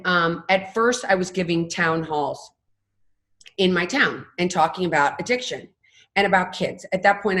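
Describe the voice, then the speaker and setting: A woman's voice: fairly low pitch, a bit bright. A woman in her fifties, a podcast guest, telling her story candidly and with animation. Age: 50s. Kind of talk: casual interview talk.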